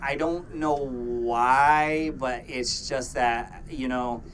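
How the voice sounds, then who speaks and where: Man, podcast co-host, mid-pitched voice, faint background noise, joking, stumbly. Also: very slow, a bit bright. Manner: joking, stumbles over words. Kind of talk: casual chat.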